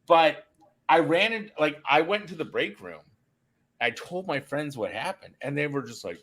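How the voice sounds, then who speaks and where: Man, middle-aged, podcast host, rambling casual storytelling, slightly higher voice. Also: very animated, moderate pace, fairly bright tone. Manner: rambling, self-interrupting storyteller. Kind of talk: casual chat.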